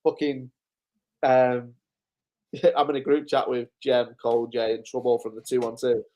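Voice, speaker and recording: A man's voice: medium pitch, little pitch movement, unhurried, darkish tone. A man hosting a live-stream recap, chatting casually, swearing freely and chuckling through his stories. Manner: loose, swearing, chuckling storyteller. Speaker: host.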